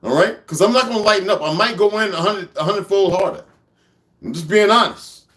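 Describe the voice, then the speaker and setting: Man, high-pitched voice, profane, blunt, heated casual rant. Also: fairly quick, a bit bright. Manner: talks to his puppy between points. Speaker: vlogger. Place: at home by an open patio door.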